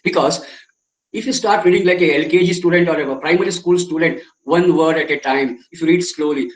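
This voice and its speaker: A man leads an online training session in a high, bright-pitched voice. He circles back over his own phrases and keeps quizzing his listeners. The sound is roomy and echoey. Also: fairly quick. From India. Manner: repeats phrases and fires rhetorical questions at the audience. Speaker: memory trainer. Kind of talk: online webinar lecture.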